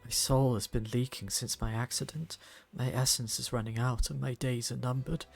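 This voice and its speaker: A man voicing a calm, solemn wounded mystic who speaks slowly and measured. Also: mid-range voice, vocal fry, faint music behind.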